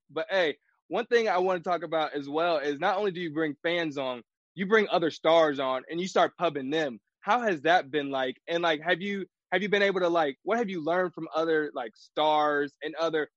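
Playful male interviewer, slightly high voice, dry muffled recording. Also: a bit bright, dry recording. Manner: playful, quick questions, jokes along. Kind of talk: casual interview chat. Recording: dull, dry sound.

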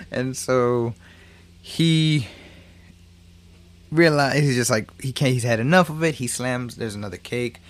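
A man's voice: mid-range voice, slow, pauses often. Man swearing through a casual movie recap. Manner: loose, profane storytelling with frequent restarts.

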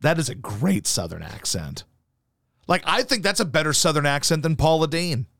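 A man hosting a casual talk show, telling rambling, profane stories packed with fillers. His slightly high voice swings widely in pitch. The sound is close and dry. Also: very animated, normal speed, a bit bright, dry recording. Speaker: show host. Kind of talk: casual chat.

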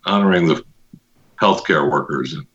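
A man's voice: rumbling low, normal speed, fairly bright tone, lo-fi sound. A man hosting a podcast in a casual, joking way, chatting loosely and fiddling with his mic on air. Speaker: podcast host.

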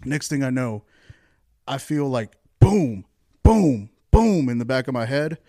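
Man, mid pitch, casual storytelling, profane and animated, dry close sound. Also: unhurried, no room sound.

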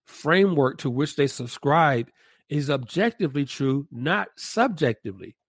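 A man leading a reflective podcast discussion, speaking deliberately and restating his points in several ways. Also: fairly high pitch, animated, breathy edge, no echo.

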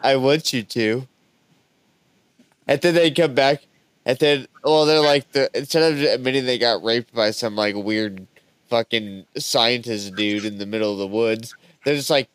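A man's voice: mid-range voice, measured pace, clean tone, no room sound. A man co-hosting a casual podcast chat, with a crude, laid-back way of talking and sentences that trail off. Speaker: podcast co-host.

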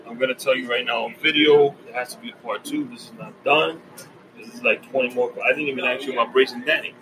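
A man's voice: medium pitch, fairly even intonation, fast talker, noisy background. A man hosting a podcast, upbeat, giving advice and running through plugs as he signs off. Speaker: host. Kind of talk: podcast sign-off.

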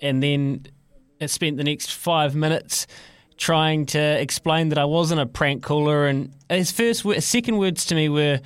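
A man's voice: a little high, unhurried, clean tone, no echo. A New man, a radio producer, telling a story in casual, anecdotal chat.

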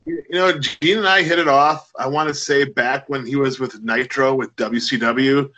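Bright-voiced man telling chatty anecdotes. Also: medium pitch, fairly even intonation, normal speed, dull audio. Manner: chatty, anecdotal, many fillers. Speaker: podcast guest. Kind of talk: casual storytelling.

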